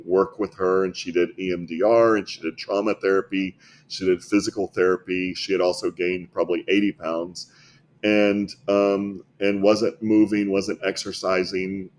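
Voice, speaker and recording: A man with a very low voice and faint hiss behind him tells patient stories as a guest. He is earnest and often repeats a word before going on. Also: darkish tone. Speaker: health clinic founder, interview guest. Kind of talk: storytelling in a podcast interview.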